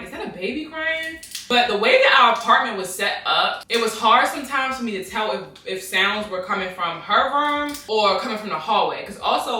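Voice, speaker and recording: A bright, sharp-toned woman tells a slangy story straight to camera. Her voice rings around a bare, echoey room, and she sits a little back from the mic. She gets animated and pitches way up whenever she quotes someone. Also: recorded from a distance. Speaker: storytime vlogger.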